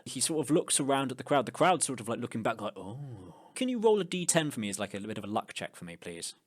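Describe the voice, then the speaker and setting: Male game master, mid-pitched voice, casual narration, filler words, tabletop game. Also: sing-song, fast talker.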